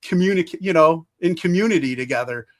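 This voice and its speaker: A man hosting a podcast, chatting in a relaxed, conversational way with loose phrasing. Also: a little high, fast, no echo, clean studio sound. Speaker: podcast host. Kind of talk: casual interview chat.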